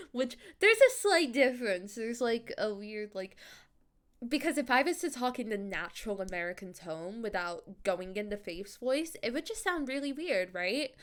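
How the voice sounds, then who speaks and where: An animated woman streamer chatting casually with her viewers, laughing often and swearing freely. She talks in a raised character voice at a mid pitch for a woman. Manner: puts on a higher character voice. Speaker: streamer and voice actor.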